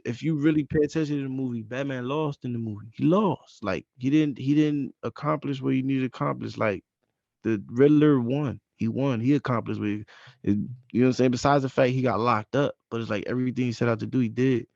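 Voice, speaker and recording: A man's voice: medium pitch, fairly quick, vocal fry, no echo. Insistent man on a dull, dry mic. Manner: animated, insistent, repeats himself. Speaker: podcast host. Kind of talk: casual chat.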